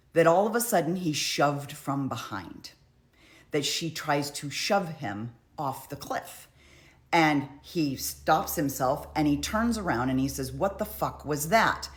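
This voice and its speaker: A woman's voice: low voice, lively intonation, slow. A woman casually recapping courtroom testimony in a chatty, conversational way. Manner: chatty, conversational, frequent "like" and "you know". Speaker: true crime commentator.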